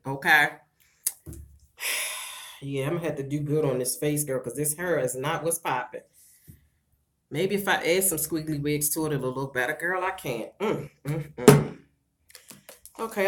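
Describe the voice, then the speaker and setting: A woman's voice: on the low side, fairly bright tone, a little hiss or hum. A middle-aged woman with a Baltimore accent, chatting sassily with viewers on a casual livestream vlog. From Baltimore, USA. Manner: sassy, chatty, calls viewers girl and child. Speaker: livestream vlogger.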